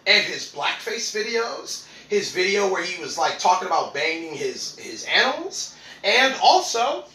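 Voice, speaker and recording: A man's voice: sits high, bright, forceful tone, reverberant, low-quality recording. A young man hosting a podcast, talking casually and animatedly, laughing often and acting out what others said. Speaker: podcast host.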